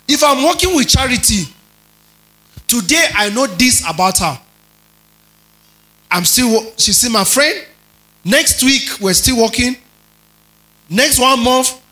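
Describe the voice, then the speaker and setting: A man preaching a teaching sermon, stretching and stressing key words, rising to loud emphasis and checking in with his listeners. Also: extremely high pitch, lively intonation, slow, pauses often, low-quality recording. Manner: checks in with listeners, tells them to underline words.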